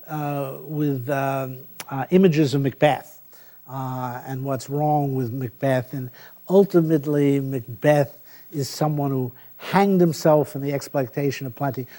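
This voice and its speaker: A man giving a university lecture as a professor, speaking thoughtfully with frequent "uh" pauses. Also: mid-range voice, warm tone. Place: lecture hall.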